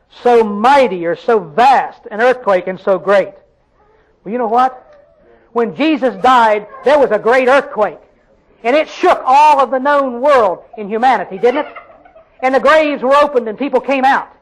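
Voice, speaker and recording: A man preaches a sermon in a rural Southern American accent, his voice sitting unusually high for a man. He talks in a folksy, emphatic way, throwing questions out to the congregation and pressing his points home. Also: rough recording.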